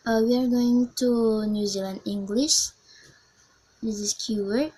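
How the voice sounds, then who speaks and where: A young woman from Indonesia, a student presenter, leading a pronunciation drill in simple English and repeating each keyword twice with pauses. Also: a little high, fairly even intonation, warm tone, breathy edge, low-quality recording. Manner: simple non-native English with fillers.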